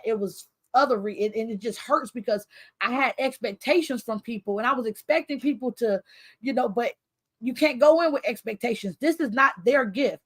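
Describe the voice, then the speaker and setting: Woman author hosting her launch livestream, rambling and expressive, voice sits a little high. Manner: chatty, rambling, loses her train of thought; expressive, animated with laughter. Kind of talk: casual livestream chat.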